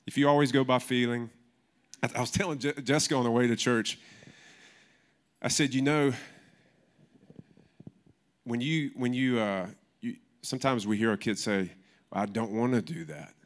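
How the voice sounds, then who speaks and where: A man's voice: mid-range voice, normal speed, long pauses. A man preaching a sermon in church in a casual, conversational way, often restarting his sentences. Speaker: pastor.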